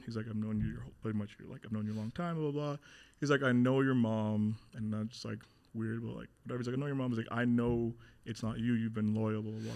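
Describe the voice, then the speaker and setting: A man's voice: mid-range voice, vocal fry. A man in his thirties telling his story as an interview guest, blunt and swearing often, acting out what people said. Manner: blunt, swears a lot, acts out quotes.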